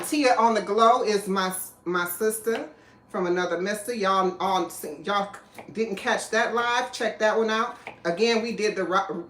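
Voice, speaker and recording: A woman's voice: medium pitch, a bit bright. Chatty woman hosting a live cooking stream. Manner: chatty, rambling, greets viewers and reads their comments. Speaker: cooking livestream host. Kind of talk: casual live cooking chat. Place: home kitchen. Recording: echoey room, faint background noise.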